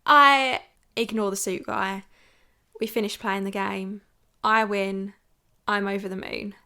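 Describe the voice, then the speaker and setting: A woman's voice: mid-range voice, fairly even intonation, takes it slowly, pushed and bright, clear, resonant tone. A young woman hosting a podcast, telling a dating story in a frank, chatty way with lots of "like". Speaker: podcast host. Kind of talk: storytelling chat.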